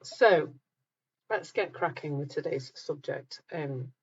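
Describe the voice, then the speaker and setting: A woman's voice: sits low, takes it slowly, husky, highs cut off. A middle-aged woman hosting a live group talk, chatting casually with viewers, reading out their comments and laughing at herself.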